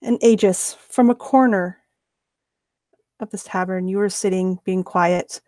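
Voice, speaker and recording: Woman, game master narration, slow, measured, dry close sound. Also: medium pitch, a little mellow, no room sound.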